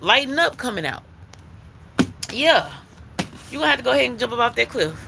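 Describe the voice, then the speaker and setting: A woman's voice: on the high side, big pitch swings, a little fast, vocal fry, noisy background. A woman giving a spiritual tarot reading, emphatic and repetitive, who calls the listener baby and swears casually. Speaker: intuitive card reader.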